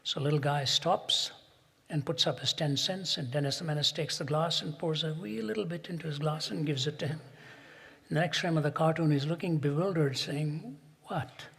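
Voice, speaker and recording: A man preaching a sermon in a large hall, telling stories, building to emphatic peaks and dropping soft for quoted asides. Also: fairly high pitch, normal speed, vocal fry, breathy edge.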